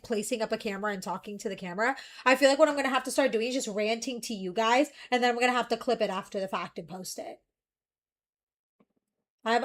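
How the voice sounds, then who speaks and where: A young woman streamer chatting casually, rambling and ranting in an animated way. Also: fairly high pitch.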